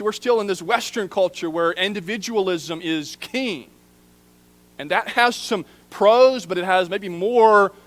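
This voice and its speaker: Man, preaching minister, earnest sermon, fairly high voice, soft low drops on key phrases. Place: church sanctuary.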